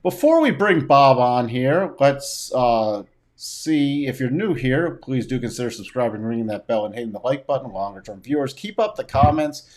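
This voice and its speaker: An easygoing man hosts a casual market chat show. He talks in a relaxed, joking way and keeps the tone light. His voice sits at an ordinary middle pitch. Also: normal speed.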